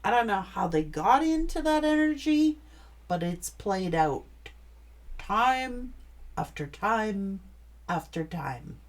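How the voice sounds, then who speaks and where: A woman's voice: medium pitch, sing-song, slow. A woman giving a tarot reading, blunt and emphatic, swearing freely as she talks. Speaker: tarot reader.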